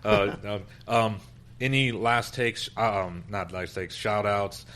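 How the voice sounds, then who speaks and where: A man's voice: on the low side, slow, fairly bright tone. A man hosting a casual faith podcast panel, talking in a loose, jokey way with lots of restarts. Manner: rambling, jokey, with many restarts. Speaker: podcast host.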